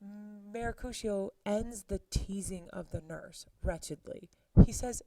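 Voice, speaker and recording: A woman's voice: mid-range voice, fairly even intonation, a little slow, gravelly, hardly any pauses, dark tone, no room sound, distant mic, rough recording. A woman teacher casually retelling a play scene, chatty with exclaimed asides to her students. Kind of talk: casual lesson summarizing a play.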